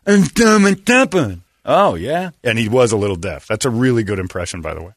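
A middle-aged man from Phoenix, hosting a radio show and telling stories with animated, acted-out voices. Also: on the low side, quick pace, dry recording, studio quality. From Phoenix, Arizona. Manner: animated storyteller, acts out characters in raised voices. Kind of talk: casual morning show banter and storytelling.

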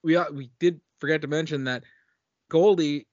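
A man's voice: on the high side, fairly even intonation, moderate pace, darkish tone, no echo, dull audio. A man co-hosting a casual movie-review podcast, tossing out wry jokes and asides. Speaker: podcast co-host.

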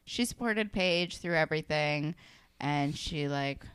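A woman's voice: low-pitched, a little slow, fairly bright tone, smooth, no echo. A young woman co-hosting a podcast, chatting casually and candidly about a TV show, often joking and restarting her sentences. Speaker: podcast co-host.

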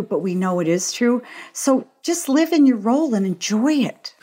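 A woman's voice: fairly high pitch, expressive, moderate pace, few pauses, a little mellow. An older woman speaking as a guest in an interview, confident and emphatic as a parenting author. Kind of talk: conversational interview.

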